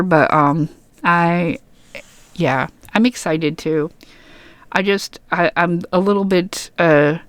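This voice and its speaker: A woman's voice: fairly low pitch, no echo. A young woman reading game patch notes aloud and rambling between them in casual, chatty commentary full of fillers and restarts. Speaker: gaming YouTuber.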